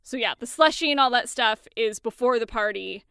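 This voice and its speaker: A young woman co-hosting a casual movie chat, chatty and animated, swearing casually as she retells scenes. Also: fairly high pitch, normal speed, creaky, smooth, dry recording, studio quality. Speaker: podcast co-host.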